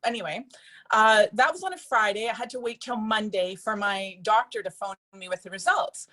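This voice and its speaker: A woman's voice: medium pitch, moderate pace, bright, forceful tone. A woman giving a personal testimonial to a group, chatty and earnest, with lots of fillers.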